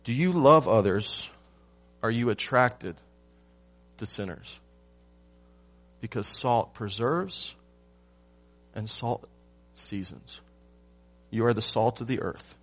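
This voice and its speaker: A man preaching a sermon to his church, asking rhetorical questions and swinging from loud emphasis to hushed lines. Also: medium pitch, animated, slow pace, long pauses, faint music behind. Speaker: pastor.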